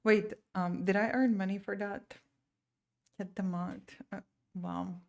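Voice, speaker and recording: A woman's voice: medium pitch, level tone, slow pace, gravelly. A woman streamer and painter chatting casually and venting with frustration, full of restarts and trailing thoughts. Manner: rambling and exasperated, many restarts. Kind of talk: casual live-stream chat.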